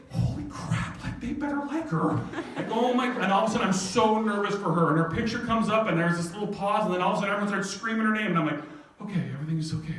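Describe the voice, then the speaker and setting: A middle-aged man telling a personal story to an audience, animated and self-mocking, often laughing. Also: on the high side. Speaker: speaker at a live event. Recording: echoey hall from far off, faint noise.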